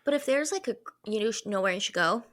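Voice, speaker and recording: A woman's voice: medium pitch, animated, fast talker, fairly bright tone. A woman co-hosting a podcast, trading playful, giggly banter in casual chat. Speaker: podcast co-host.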